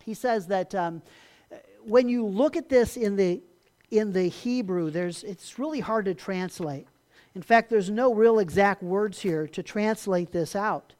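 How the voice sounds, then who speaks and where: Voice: mid-range voice, unhurried, a little mellow. A pastor preaching a sermon in a conversational way, often restarting phrases and acting out short bits of dialogue. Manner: acts out dismissive replies in dialogue.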